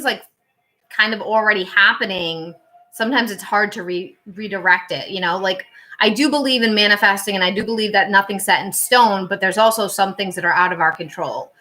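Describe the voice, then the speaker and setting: A woman's voice: medium pitch, pushed and bright. A woman tarot reader casually telling stories on a livestream, chatty and full of fillers and restarts.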